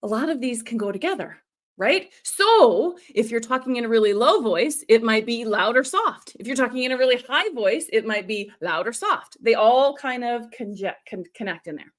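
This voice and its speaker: A woman's voice: fairly high pitch, animated, moderate pace. A middle-aged woman coaching storytelling on a live stream, demonstrating voices and reading out viewer comments.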